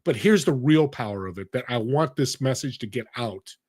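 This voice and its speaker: A man's voice: mid-range voice, moderate pace, slightly rough. A middle-aged man as an interview guest, telling stories with energy and speaking straight to the audience. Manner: animated, addresses the audience directly. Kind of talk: conversational storytelling.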